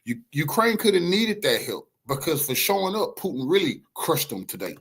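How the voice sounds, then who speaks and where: A man's voice: on the high side, big pitch swings, normal speed, gravelly, a bit bright, husky. A man commenting on a news clip with emphatic, mocking interjections. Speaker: reacting commentator.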